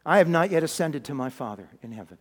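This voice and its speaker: Gentle calm jesus done by a preacher, soft and earnest, lowish and quiet, long hall echo. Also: male voice, fast talker. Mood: tender urging.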